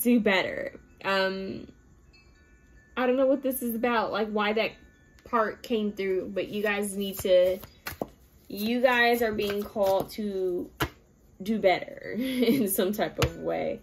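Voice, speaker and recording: Chatty woman with a gravelly edge. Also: medium pitch, slow pace, background noise. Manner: chatty, addresses viewers as "you guys"; earnest, spiritual advice-giving. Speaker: tarot card reader. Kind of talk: casual tarot reading to viewers.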